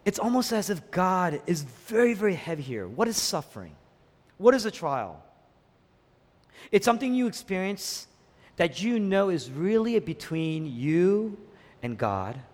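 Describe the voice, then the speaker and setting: Male pastor, fairly high voice, lively sermon delivery, long hall reverb. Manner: emphatic, repeats key phrases, swings from hushed to raised.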